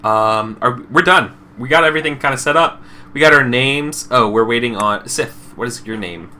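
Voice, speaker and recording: A man's voice: medium pitch, moderate pace, bright, forceful tone, a little hiss or hum. A man hosting and running a tabletop game, rambling casually and trailing off with self-deprecating restarts. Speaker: game facilitator and show host. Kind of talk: casual chat while setting up a tabletop game.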